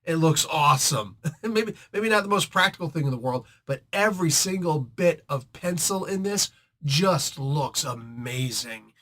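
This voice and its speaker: A man hosting a casual comic book review, chatty and excitable, rambling between thoughts. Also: a little high, unhurried.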